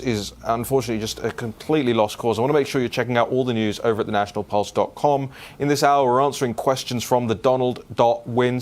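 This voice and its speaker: A man hosting an opinion talk show, speaking casually and scornfully with many fillers, answering listener questions. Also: darkish tone. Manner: casual and scornful, with fillers and sudden pitch jumps.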